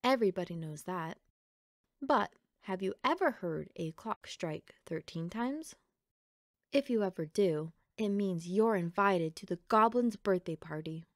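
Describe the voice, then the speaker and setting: A woman reading a children's picture book aloud in a gentle, expressive storytelling voice, close to the mic. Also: fairly low pitch, measured pace, no room sound. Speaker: storybook reader.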